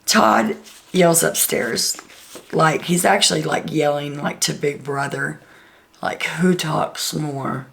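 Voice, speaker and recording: A woman's voice: sits low, slow pace, gravelly, fairly bright tone. A woman host chatting through a casual, gossipy recap of a reality show, full of "like" and "um".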